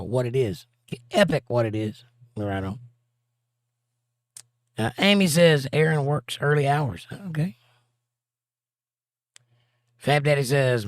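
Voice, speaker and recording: A man's voice: mid-range voice, no echo, studio quality. A middle-aged man hosting a livestream in casual chat, reading viewer comments aloud and joking with crude banter. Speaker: livestream host and musician.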